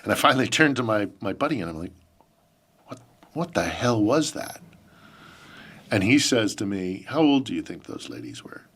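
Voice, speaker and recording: Low-voiced man telling an emotional story. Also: very animated, moderate pace, pauses often, fairly bright tone, husky. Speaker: podcast host being interviewed. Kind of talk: personal storytelling in conversation.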